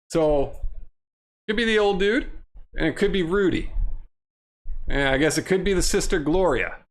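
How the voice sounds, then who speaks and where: Chatty man with a gravelly voice. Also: fairly high pitch. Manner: playful, chatty, joking asides. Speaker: gamer playing a mystery adventure. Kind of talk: casual let's-play commentary.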